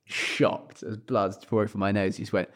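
A man's voice: on the low side, little pitch movement, moderate pace. A young English man with a posh manner, chatting casually as a podcast guest and acting out lines from his stories in other voices. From England.

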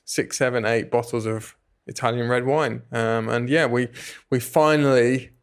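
A man's voice: medium pitch, fairly even intonation, normal speed, clear, resonant tone. A man co-hosting a podcast in casual, playful chat, rambling through stories with mock slang. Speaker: podcast co-host.

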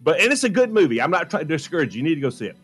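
A man who is a regular on a radio talk show, retelling a movie for laughs, dropping into a low voice for each character's lines and laughing often. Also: very animated, racing, fairly bright tone, husky, faint music behind. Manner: laughs often while talking. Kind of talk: animated comic movie recap.

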